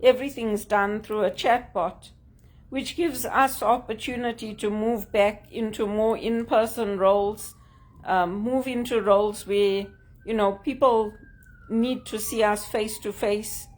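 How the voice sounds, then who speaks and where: A woman's voice: mid-range voice, steady tone, unhurried. A woman speaking casually to camera in an earnest way, thinking aloud with fillers as she goes. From Canada. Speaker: job seeker vlogger.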